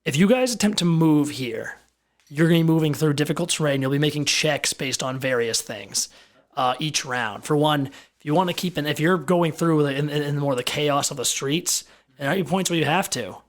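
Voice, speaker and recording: A man's voice: a little high, moderate pace. Rambling man narrating a tabletop game. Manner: rambling, repeats words while thinking. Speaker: game master.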